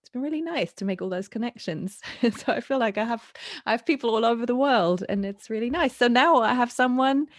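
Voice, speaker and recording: A woman's voice: a little high, animated, brisk, hardly any pauses, no room sound, clean studio sound. A woman hosting a podcast, chatty and upbeat, who laughs often while talking. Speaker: podcast host. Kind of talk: casual podcast chat.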